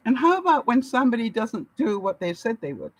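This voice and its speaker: A woman's voice: a little high, big pitch swings, a little fast, no room sound, poor audio. A woman from Canada giving casual advice to her viewers, laughing often and acting out the lines she quotes. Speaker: vlogger. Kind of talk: casual advice talk to camera.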